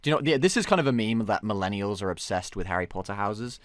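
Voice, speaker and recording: A young man in his twenties hosts a relaxed film chat, joking and bantering with quick restarts. His voice sits fairly low, and it comes across dry and close with little room sound. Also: no echo. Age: 20s. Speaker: host. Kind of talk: casual chat about films.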